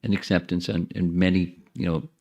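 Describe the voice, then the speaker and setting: Deep-voiced man giving a spiritual talk. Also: level tone, a little fast, creaky. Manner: conversational, warm asides to the audience; repeats and restarts phrases while thinking. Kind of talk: informal spiritual lecture.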